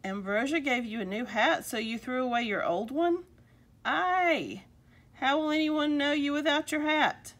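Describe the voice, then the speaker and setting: A woman's voice: sits high, a little slow, a bit bright, pitched above the performer's own voice. Woman reading eager young Chabela.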